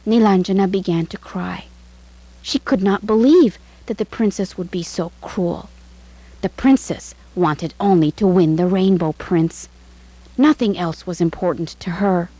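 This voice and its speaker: A woman narrating a bedtime story in a measured, expressive way. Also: on the low side, dry recording, rough recording.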